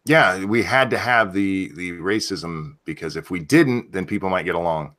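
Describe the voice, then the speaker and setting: Male host, low register, irreverent banter with quick jokes. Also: a bit bright. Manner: joking, irreverent, quick asides. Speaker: stream host. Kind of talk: casual chat on a live stream.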